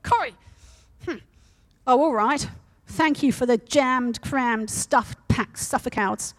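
A woman's voice: on the high side, takes it slowly. Woman putting on a wailing, frightened woman prisoner. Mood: exasperated. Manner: wailing, protesting.

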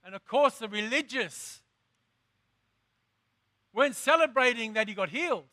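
A man preaching a sermon as pastor, impassioned, drawing out words slowly for emphasis and rising to shouts. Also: extremely high pitch, lively intonation, dry recording, studio quality.

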